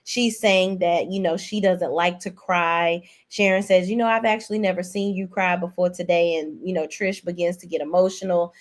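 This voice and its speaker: A young adult woman giving a blunt, profane, animated rant as host of a reality TV recap. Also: on the low side, normal speed, hardly any pauses. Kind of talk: casual ranting commentary.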